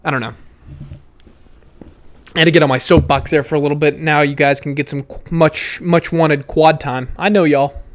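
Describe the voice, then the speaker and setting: A young man hosting his own podcast, talking loudly and emotionally in a rambling way, with fillers and swearing. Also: fairly high pitch, steady tone, moderate pace. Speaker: podcast host. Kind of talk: casual solo podcast monologue.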